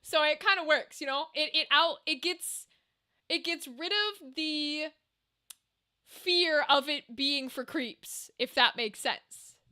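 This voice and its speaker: Woman streamer, high bright voice, loose and profane with her chat. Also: takes it slowly. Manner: chatty, swears freely, laughs often. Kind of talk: casual chat with a live stream audience.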